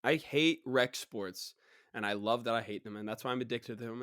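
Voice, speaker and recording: Young dude rambling on his podcast, voice kinda worn out, mid pitch, dry close mic. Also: normal speed, no echo. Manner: rambling and animated, mocking others in put-on voices. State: recovering, voice partly gone. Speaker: podcast host. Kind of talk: casual solo podcast monologue.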